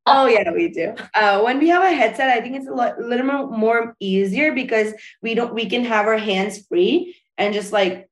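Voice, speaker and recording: A woman's voice: fairly high pitch, normal speed, hardly any pauses, echoey room. A woman wedding planner chatting casually in an interview, with many fillers and restarts. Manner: relaxed, frequent fillers and restarts.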